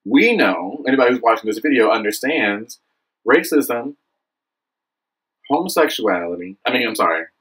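Young man, husky voice, earnest direct-to-camera rant, preachy and animated. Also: normal speed, long pauses, low-quality recording. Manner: earnest, preachy, frequent "okay?" and "you know what I mean?"; animated, swings high when excited. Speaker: vlogger. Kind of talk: impassioned direct-to-camera monologue.

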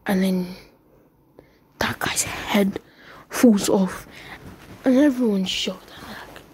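A woman's voice: mid-range voice, darkish tone, slight background noise. A woman improvising a fan-fiction retelling, rambling and stumbling over words, with frequent whispered asides. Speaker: storyteller.

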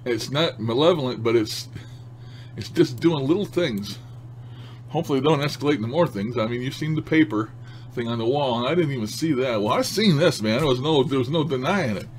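A paranormal vlogger chats casually to camera at home about odd happenings, rambling in a folksy way with loose grammar and frequent chuckles. His medium-pitched voice is expressive and a little fast, with a little hiss or hum in the recording.

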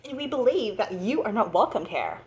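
A woman's voice: mid-range voice, sing-song, moderate pace, darkish tone. A woman voicing a smug group of haters. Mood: mocking. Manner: formal, mocking pronouncement. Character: smug, cold clique of haters speaking as one.

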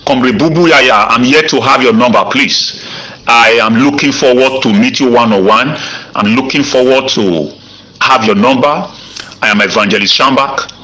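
A Nigerian man rants into a voice note at an ordinary mid pitch, issuing threats and repeating himself again and again. He stumbles through restarts and drawn-out filler sounds as he presses his warnings. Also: bright, forceful tone, low-quality recording. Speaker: self-styled evangelist and grant campaigner. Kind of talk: voice-note rant.

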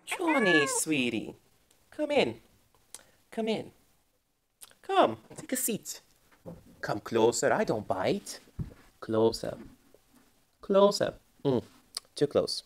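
A woman playing a smooth, threatening male restaurant boss in a comic sketch, coaxing slowly and then making threats. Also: deep voice, very animated, full character voice. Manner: slow, creepy coaxing turning to threats.

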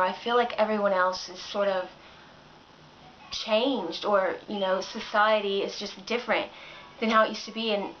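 A woman's voice: mid-range voice, lo-fi sound, a little hiss or hum. A woman vlogger ranting sarcastically into the camera in a casual way, with plenty of filler words.

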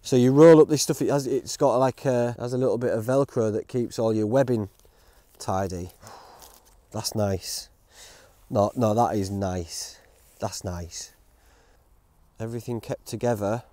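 Grumbling man, mellow voice. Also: medium pitch, moderate pace, dry recording. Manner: grumbling, rambling and self-mocking. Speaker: outdoor gear reviewer. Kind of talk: casual vlog chat. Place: outdoors in woods.

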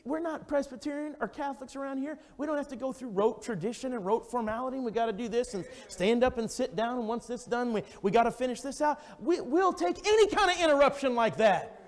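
A high-pitched male evangelist preaches a revival sermon with fervent urgency. He lurches between ringing exclamations and quiet, confiding storytelling. His voice carries a long reverb off the church sanctuary walls. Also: lively intonation, quick pace, hardly any pauses. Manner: fervent, swings from loud exclamations to hushed storytelling.

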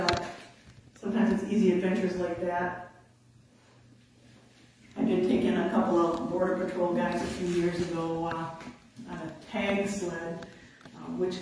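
Woman storyteller, animated and laughing, acts out each quote; distant mic in a heavily echoing room. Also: lowish voice, a little hiss or hum. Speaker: conservation officer giving a talk. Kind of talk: storytelling to an audience. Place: indoor talk venue.

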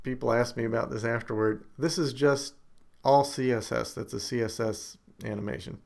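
A man's voice: mid-range voice, normal speed, creaky. A man hosting a screencast, talking casually with wry, self-deprecating humor and emphatic asides. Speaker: screencast host.

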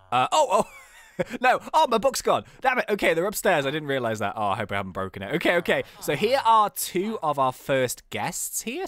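Excitable woman commenting on a game. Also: deep voice. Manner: excitable, chatty, laughs often. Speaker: gaming channel host.

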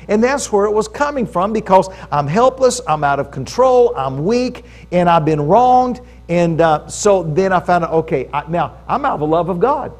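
A man's voice: high-pitched, expressive, moderate pace, hardly any pauses, darkish tone. A man preaching a sermon in a conversational way at a church service, stressing key phrases and asking the audience for agreement.

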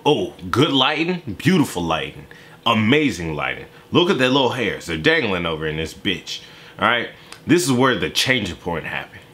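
A young man with a low, bright voice cracks jokes in an animated, profane play-by-play of a clip. His pitch swings widely as he talks, and faint music plays behind him. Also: normal speed. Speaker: YouTube reaction host. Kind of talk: casual reaction commentary.

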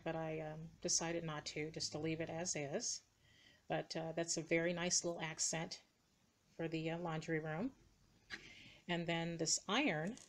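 A woman showing her dollhouse rooms in a casual, hesitant narration full of ums and uhs, filmed indoors on a camera mic. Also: low voice. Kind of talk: casual show-and-tell narration. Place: indoors beside a dollhouse, camera moved by hand.

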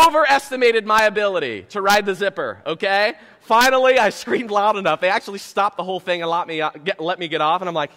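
A man preaching a sermon as pastor, telling a self-mocking story in an animated way before turning to scripture. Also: high-pitched, fast, few pauses, long reverb tail, background noise. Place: church sanctuary.

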